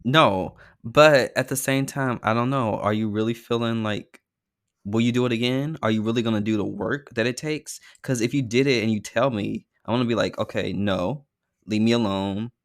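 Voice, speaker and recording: A man's voice: mid-range voice, normal speed. A man co-hosting a podcast in casual chat, frank and joking. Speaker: podcast co-host.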